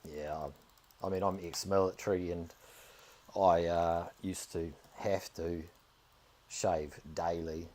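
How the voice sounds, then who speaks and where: A man with a New Zealand accent chatting casually while streaming a game, dropping the odd "bloody" and getting excited over finds. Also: low voice, takes it slowly. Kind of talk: casual live-stream commentary.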